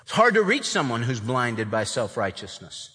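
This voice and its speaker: A man preaching an expository sermon in an animated way, acting out the voices of the people he quotes, in a large church sanctuary. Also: medium pitch, moderate pace. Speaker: pastor. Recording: long reverb of a large hall.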